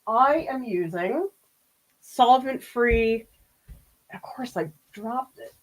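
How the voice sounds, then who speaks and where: A woman's voice: fairly high pitch, animated, takes it slowly. A woman art professor from the US East Coast, chatting casually with viewers during a livestream painting demo and often laughing as she reads their comments aloud.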